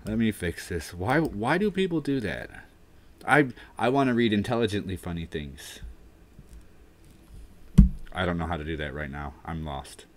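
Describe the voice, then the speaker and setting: A man's voice: deep voice, animated, moderate pace, pauses often, a little hiss or hum. A man hosting a casual livestream, tired and dry-mouthed from the heat, rambling as he reads chat aloud and trails off unsure. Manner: rambling and self-deprecating, trailing off with "I don't know". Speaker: livestream host.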